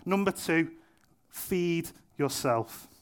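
A man's voice: on the high side, expressive, drawn-out words, smooth. A young man preaching a sermon in a church, casual and humorous, driving points home by repeating them. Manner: conversational, self-deprecating humour, emphatic repetition. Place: church venue.

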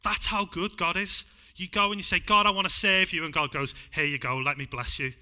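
A man with a Liverpool accent preaching a sermon in church, emphatic one moment and hushed the next. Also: high voice, steady tone, fairly quick. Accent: Liverpool (Scouse). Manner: emphatic, swings from loud to hushed.

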